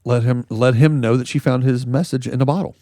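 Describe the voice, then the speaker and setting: A man's voice: mid-range voice, fairly even intonation, fairly quick, dark tone, no room sound. Guy co-hosting a comedy news podcast, jokey and rambling, dry mic sound. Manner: joking, rambling storytelling with laughs. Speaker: podcast co-host. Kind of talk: casual comedic news chat.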